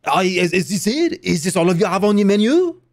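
A man's voice: high voice, sing-song, brisk, dry recording, clean studio sound, pitched above the performer's own voice. A man doing a hammy mock Frenchman. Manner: exaggerated, theatrical delivery.

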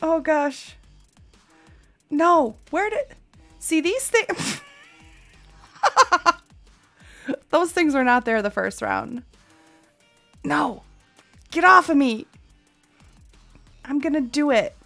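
A woman's voice: sits high, lively intonation, extremely slow, vocal fry, long pauses, sharp tone, soft background music. A woman in her thirties streaming a game live, chatting with viewers, laughing often and crying out while she plays.

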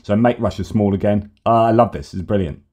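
A middle-aged man hosting news commentary, talking in an animated, argumentative way. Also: fairly low pitch, brisk, highs cut off.

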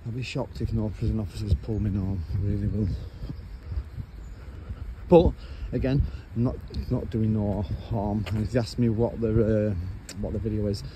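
Out walking by a road, a man speaks in a lowish, steady voice at a moderate pace, chatting bluntly and using slang for a casual vlog shot on his handheld phone. Traffic can be heard in the background.

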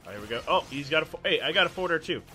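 A man hosting excited gameplay commentary, yelling and laughing at the plays. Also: a little high, racing, faint music behind. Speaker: gaming channel host.

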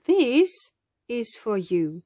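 A woman as a friendly young boy, storybook reading, breathy, lively. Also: fairly high pitch, very slow, no room sound, studio quality, full character voice. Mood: earnest.

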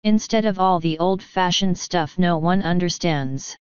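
A chatty, dim middle-aged sergeant rambles through his explanations, as a woman reader puts him on. The voice is slow and very clear with a dry, dull lo-fi sound. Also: on the low side, no echo, close to an everyday voice.

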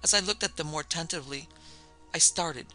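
A man narrating a ghost story in a measured, even storytelling delivery. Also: on the high side, soft background music, low-quality recording. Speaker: narrator and producer.

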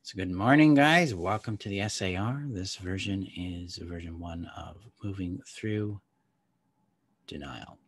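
A man leading a guided somatic meditation, giving slow, calm, soft-spoken instructions with long pauses. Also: low-pitched, husky.

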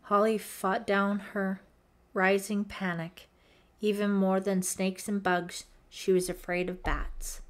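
A woman narrating a teen horror audiobook in a measured, suspenseful reading. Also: mid-range voice, flat delivery. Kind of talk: scripted narration.

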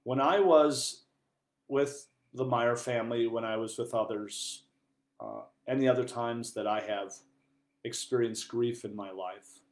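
A priest giving an earnest sermon, moving between quiet, hushed passages and loud, emphatic ones. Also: male voice, mid-range voice, a little slow. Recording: echoey room.

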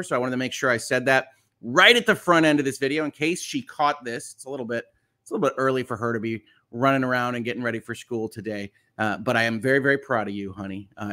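A man with a medium-pitched, bright, forceful voice hosts a morning livestream about legal news. In a casual, chatty, upbeat style, he greets viewers and reads their comments aloud.

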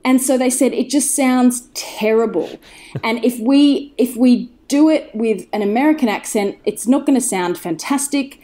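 A woman's voice: fairly high pitch, moderate pace, hardly any pauses, mellow. A woman talking as a podcast guest, chatty and enthusiastic, wandering off on tangents as she tells the story. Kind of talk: casual chat.

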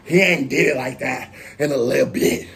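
A man hosting a casual reaction video, excitable with loud outbursts, a little out of breath. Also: mid-range voice, moderate pace, vocal fry, slight background noise. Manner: excitable, loud outbursts and chanting between talk.

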